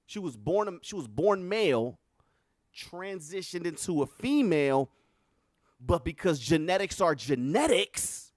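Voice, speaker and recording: A man talks to his livestream audience in loose, salty commentary, and his voice sits a little high for a man. He gets animated and cracks up often. The sound is dry and close, with no room around it. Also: unhurried, no echo. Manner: animated, profane, bursts into laughter. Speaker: livestream host.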